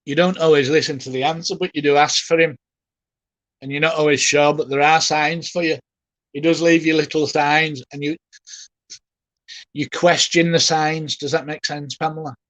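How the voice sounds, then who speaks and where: A man with a fairly high voice gives a live mediumship reading, speaking gently and haltingly as his emotion rises. He softly reassures the person he is addressing. The sound is dry and close, with no room around it. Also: steady tone, no room sound. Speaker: spiritualist medium.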